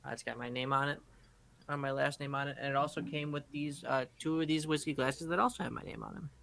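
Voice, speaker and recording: A man's voice: medium pitch, fairly even intonation, quick pace, gravelly, bright, forceful tone, slight background noise. A young man co-hosting a podcast, chatting casually and teasing his friends in a matter-of-fact way. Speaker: podcast co-host. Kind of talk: casual chat.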